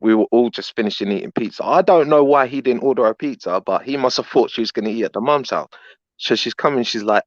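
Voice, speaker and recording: A man with a fairly low voice rambles through a story in casual talk, padded with fillers. The sound is dry and slightly dull, and lacks its top end. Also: a little fast, no room sound.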